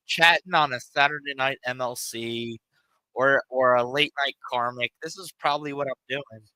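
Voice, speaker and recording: Streaming a game on a cheap home mic, this man makes relaxed small talk, rambling and cursing as he plays. His voice is medium-pitched with a sharp tone, in a rough recording that has no room sound.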